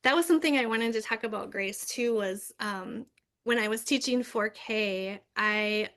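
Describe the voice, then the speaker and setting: A woman who once taught preschool, talking in a relaxed, chatty way about teaching young children. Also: fairly high pitch, moderate pace. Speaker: youth services manager and former preschool teacher. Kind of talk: casual conversational explanation.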